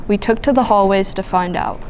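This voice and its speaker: A teenage girl co-anchoring a school news show, reading a bright script. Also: medium pitch, a little fast, a little hiss or hum, rough recording. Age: teens.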